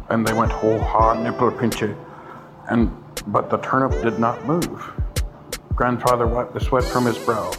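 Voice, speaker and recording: A man reads a children's tale in a hushed, whispered role-play manner. His voice sits in a middle register, and clear music plays under him the whole time. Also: mid-range voice, low-quality recording. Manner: soft storybook reading with silly refrains. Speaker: storyteller. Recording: music playing behind.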